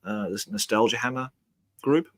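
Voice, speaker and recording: A man's voice: lowish voice, normal speed, a crowd in the background. A middle-aged man hosting a casual hobby chat, bantering and laughing easily. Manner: chatty, matey banter, laughs often. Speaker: host.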